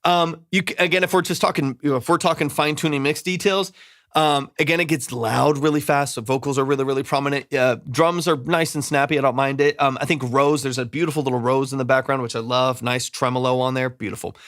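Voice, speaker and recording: Speaking quickly at a medium pitch with fairly even intonation and a slightly bright tone, a man gives hedging, casual feedback on a mix as a producer. He repeats himself and hums parts as da-da, in studio-quality audio without echo.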